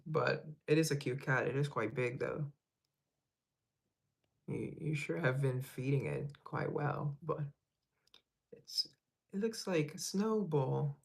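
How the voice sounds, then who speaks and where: A man's voice: fairly high pitch, gravelly. A man hosting a casual livestream, reading viewer comments aloud and rambling in a laid-back way, laughing at himself. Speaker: livestream host.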